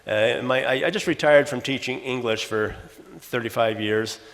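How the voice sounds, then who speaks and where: A man's voice: medium pitch, a bit bright. Older man lecturing in a hall. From Los Angeles, USA. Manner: halting, many restarts, teacherly examples. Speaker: retired English teacher giving a talk. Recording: long hall reverb.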